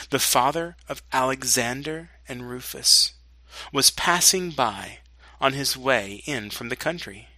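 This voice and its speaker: Slow, bright-voiced man reading scripture. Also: mid-range voice, dry recording. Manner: slow and deliberate reading, with dramatic quoted lines. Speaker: pastor.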